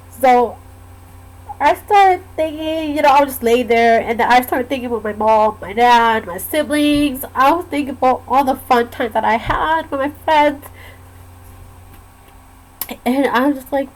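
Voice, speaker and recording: A woman telling a personal story in a casual, halting way, with many pauses and fillers. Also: a little high, low-quality recording. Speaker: vlogger sharing a personal story. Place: lives in Georgia, USA.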